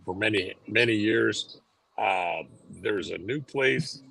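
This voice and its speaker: A man's voice: lowish voice, slow pace, creaky, crowd noise, poor audio. An older man, a retired detective, chatting as a guest in a casual interview, easygoing and dryly funny, wandering a little as he recalls things.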